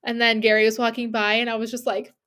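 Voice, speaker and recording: A young woman with a fairly high voice chats on a podcast. She tells a long story and acts out everyone in it, slipping into their voices. Plenty of fillers, and she laughs often. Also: fast talker. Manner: animated retelling with quoted voices and laughter. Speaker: podcast co-host. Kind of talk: casual chat, storytelling.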